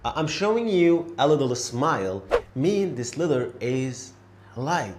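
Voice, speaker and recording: Patient male teacher, slow and clear, mid pitch. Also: very animated, noisy background. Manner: encouraging, repeats each letter slowly and clearly. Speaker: Arabic teacher. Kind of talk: beginner pronunciation lesson.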